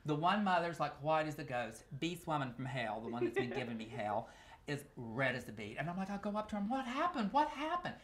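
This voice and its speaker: A man reading from his comic memoir, telling the story in an animated, exaggerated way. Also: medium pitch, brisk. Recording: noisy live recording.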